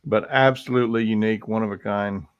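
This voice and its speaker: A man's voice: lowish voice, vocal fry, fairly bright tone. A male host chatting casually on a live stream about items for sale.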